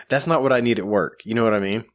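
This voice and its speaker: Man, co-host, lowish voice, animated, self-mocking, chatty storytelling. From grew up in the country. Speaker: podcast co-host. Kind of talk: casual storytelling chat.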